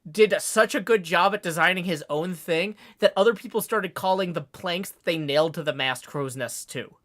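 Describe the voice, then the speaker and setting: A woman's voice: lowish voice, moderate pace, fairly bright tone. A woman streaming casually, chatting in rambling tangents and laughing often before reading a novel aloud. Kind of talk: casual live-stream chat.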